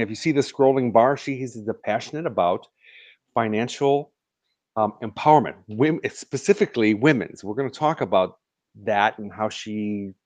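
A man's voice: medium pitch, darkish tone, no echo. Male host for a live video-call show, chatty and upbeat, dry close sound. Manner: upbeat, chatty, restarts often. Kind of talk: live online interview show. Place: in Chicago.

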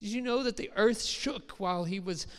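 A middle-aged man preaches in a fairly high voice, chatting with the congregation and then lifting into emphatic quoted lines. His sermon rings with the long reverb of a large hall. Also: moderate pace. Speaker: pastor.

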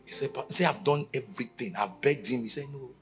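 A man preaching a sermon at a conference, telling stories and acting out the quotes, from shouting to near whispers. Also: mid-range voice, fast. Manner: dramatic storytelling, acting out quotes, swinging from shouts to hushed lines. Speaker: pastor. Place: conference stage.

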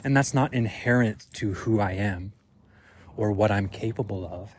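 A man with a lowish, slightly rough voice at normal speed hosts a solo podcast, recorded outdoors while he's out on a walk. He muses and thinks aloud in a reflective monologue full of fillers.

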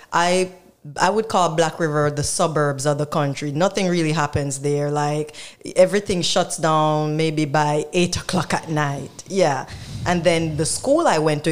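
A woman with a Jamaican accent, the guest artist, explaining things in a relaxed, casual interview. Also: deep voice.

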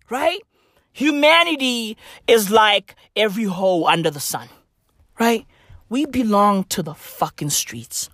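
A woman delivers a comedic rant in a fairly high, wildly lively voice, drawing words out slowly. Her talk is stuffed with slang and profanity, with "bro" and "bruv" at every turn. The sound is dry and close. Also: no room sound. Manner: wildly swinging delivery, from shouts down to whispers.

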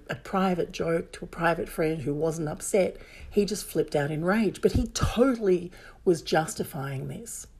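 A woman's voice: mid-range voice, dark tone, husky. A woman telling a personal story in a candid, emphatic way, circling back and restarting her sentences as she goes.

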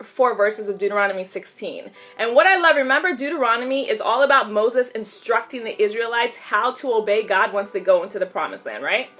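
A woman hosts a live online Bible study, greeting viewers by name, praying and reading scripture in an upbeat, casual style while laughing easily. Her voice is somewhat high, a bit bright and animated, and she talks fairly quickly with hardly any pauses over soft background music.

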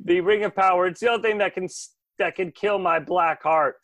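Give me a man playing a wailing cartoon insect king, high and loud. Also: a little fast, no echo. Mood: melodramatic. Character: shrieking insect king monster, overdramatic.

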